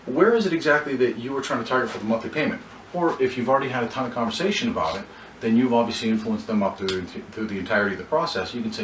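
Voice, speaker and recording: A man's voice: medium pitch, expressive, very fast, fairly bright tone. A man coaching car salespeople, acting out short bits of dialogue and often restarting his sentences. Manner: coaching, role-plays dialogue, frequent restarts. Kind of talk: sales training talk. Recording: echoey room from far off, faint background noise.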